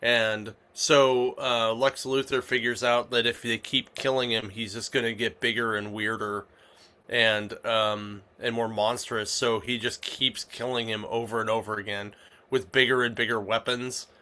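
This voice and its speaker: A man's voice: mid-range voice, flat delivery, unhurried, bright, forceful tone. A man hosting a casual comic shop podcast, rambling with lots of fillers and restarts. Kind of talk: casual chat.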